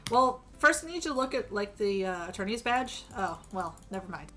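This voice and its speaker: A woman's voice: medium pitch, lively intonation, normal speed, a bit bright, faint music behind. A woman streaming a game, reading the dialogue aloud with joking, crude asides and a strained voice.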